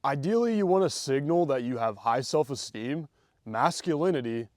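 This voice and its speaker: A young man giving casual, confident dating advice straight to the listener, loose and slangy, sometimes showing how to slow his delivery down. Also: mid-range voice, animated, darkish tone, dry recording, clean studio sound. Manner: demonstrates slow versus rushed delivery. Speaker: dating coach. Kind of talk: direct-to-camera advice monologue.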